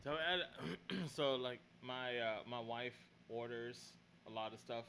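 A man co-hosts a casual podcast in a mid-pitched voice with a bright, forceful tone. He rambles easily, restarting his sentences as he thinks aloud. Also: slow pace, slight background noise. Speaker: podcast co-host. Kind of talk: casual chat.

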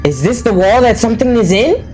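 A man's voice: very high-pitched, expressive, a little fast, darkish tone, soft background music. A man who is a gaming YouTuber gives jumpy, exclaiming commentary full of casual slang while playing a horror game.

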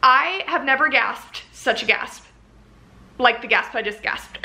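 A woman with a bright, fairly high voice rambles to her camera in a casual book vlog. She gushes and gets carried away, dropping the occasional curse word as she chats. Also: measured pace. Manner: rambling, gushing, excitable; swears casually. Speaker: book vlogger. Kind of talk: casual reading vlog chat.

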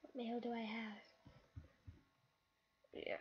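A female host giving live gameplay commentary, excitable and easily frustrated, with lots of exclamations. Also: a little high, slow pace, lo-fi sound, background noise. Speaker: gaming channel host.

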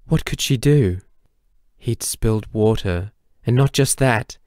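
A man reading a novel aloud as an audiobook narrator, in a measured way that slows for tense moments. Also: mid-range voice, darkish tone, no echo, studio quality. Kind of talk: scripted narration.

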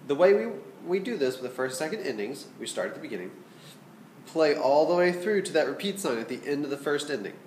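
A man's voice: a little high, very animated, quick pace, a little mellow, reverberant, slight background noise. A man teaching a flute lesson, explaining patiently and checking in with his students. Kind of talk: music lesson instruction.

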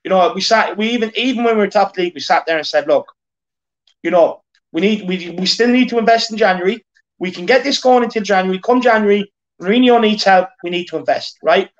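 Speaking fast in a high voice, an Irish fan channel host of roughly thirty gives a casual football rant. He's earnest and repeats himself while rallying fans, and the recording sounds dull and lo-fi.

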